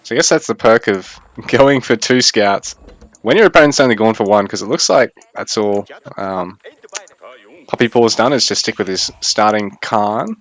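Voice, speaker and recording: A young man giving casual, chatty game commentary, thinking aloud in a fairly even delivery. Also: lowish voice, normal speed. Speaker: esports caster.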